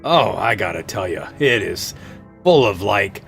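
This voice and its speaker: A man's voice: fairly low pitch, lively intonation, unhurried, creaky, a bit bright, faint music behind, heavily acted. A man voicing a noseless, rot-toothed male hobgoblin barkeep who mocks and threatens, then turns falsely friendly. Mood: sly friendly.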